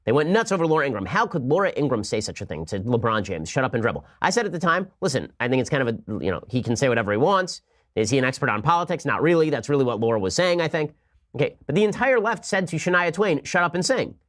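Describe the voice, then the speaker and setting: A man hosting a political commentary show, arguing in a sarcastic, rapid-fire way. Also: medium pitch, big pitch swings, a bit bright. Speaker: podcast host.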